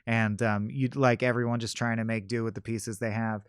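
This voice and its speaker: Male co-host with a smooth voice and a dry close mic, chatty and eager. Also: fairly low pitch, level tone, fairly quick, dry recording. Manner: enthusiastic, acts out quoted dialogue. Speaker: podcast co-host. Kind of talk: casual film discussion.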